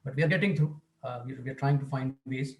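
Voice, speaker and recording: A man's voice: medium pitch, quick pace, roomy sound, low-quality recording. A man on an online business panel, talking candidly with hesitant fillers. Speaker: panelist, theatre and event producer. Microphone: video call.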